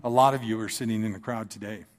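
A man's voice: on the low side, steady tone, fast talker, a little hiss or hum. A man giving an earnest, conversational personal testimony from the front of a church congregation, with touches of dry humor.

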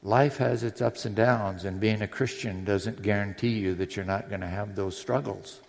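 A man's voice: lowish voice, steady tone, normal speed, creaky, a little mellow. A man preaching a sermon in a church, earnest and personal, with readings from scripture. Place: church sanctuary. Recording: long hall reverb.

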